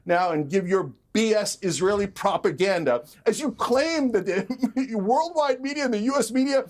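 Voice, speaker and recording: A man arguing hard in a heated televised debate, sarcastic and rapid-fire. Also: high voice, lively intonation. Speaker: political commentator in a debate.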